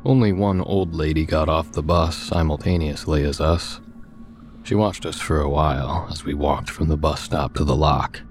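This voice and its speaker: A man narrating a scripted horror story in a measured, steady storytelling manner. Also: extremely low pitch, soft background music.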